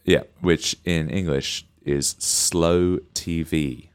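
A man with a deep, low voice co-hosts a casual comedy podcast. He rambles through his points and laughs often between lines. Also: steady tone, drawn-out words, smooth. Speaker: podcast co-host.

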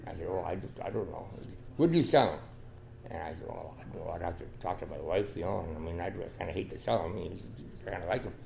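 This older man, a dog trialer appearing on a podcast, talks fast in a low, creaky, darkish voice with little pitch movement. During a casual interview he tells a long, rambling, folksy story, often restarting and constantly saying "you know."

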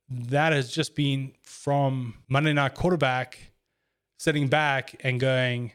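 A man chatting casually in an earnest, reflective way, telling stories about handling his own emotions. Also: medium pitch. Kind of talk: casual chat.

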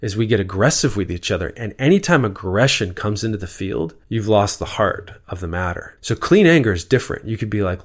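Male podcast guest, a spiritual healer: earnest and candid, swears freely, voice sits a little low. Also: expressive, fairly quick, few pauses. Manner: earnest and openly swearing, acts out quoted voices. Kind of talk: reflective conversational talk.

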